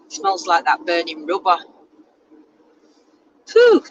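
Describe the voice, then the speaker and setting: A woman's voice: lowish voice, huge pitch swings, takes it slowly, dull audio. A woman, chatting casually and teasing herself during a road trip, recorded in a moving car. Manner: chatty, self-mocking. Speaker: vlogger. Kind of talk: casual chat. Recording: car noise in background.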